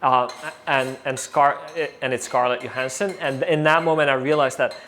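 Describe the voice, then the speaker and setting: A man as an interview guest, telling a story casually, animated and full of fillers, acting out what others said. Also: medium pitch, normal speed, a little hiss or hum. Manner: animated, acts out quoted voices, many fillers.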